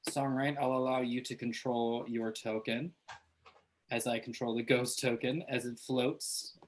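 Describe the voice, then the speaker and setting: A woman running a tabletop game as game master, halting and amused as she thinks aloud. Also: extremely low pitch, fairly even intonation.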